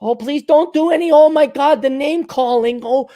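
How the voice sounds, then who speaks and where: Brief: man putting on a high, whiny older Minnesotan man, heavy Minnesota accent, sing-song and prissy. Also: moderate pace, dark tone. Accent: exaggerated Minnesota.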